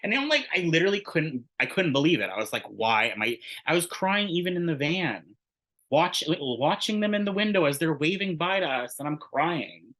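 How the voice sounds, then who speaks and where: Bright-voiced man rambling through a story. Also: a little high, expressive, fairly quick, poor audio. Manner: rambling, heavy use of "like", frequent restarts; candid, swears freely. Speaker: interview guest. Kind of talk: casual anecdotal storytelling.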